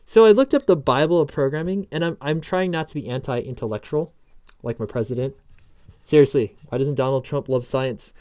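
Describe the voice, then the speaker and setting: Guy doing a chill coding tutorial, rambles and jokes around, clean smooth voice, middle pitch. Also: a little fast, a little mellow. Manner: rambling, self-interrupting, jokey asides. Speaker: programming tutorial host. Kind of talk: casual screen-recorded coding lesson.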